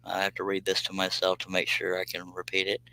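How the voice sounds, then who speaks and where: A low-voiced man with a drawl talks casually through a live stream from his workshop. His tone is bright and forward despite the deep pitch. He rambles, pokes fun at himself and chuckles as he works. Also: monotone, fast talker, poor audio. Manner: rambling, self-deprecating, chuckles often. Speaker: live stream host reading chat. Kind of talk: casual live stream chat while working.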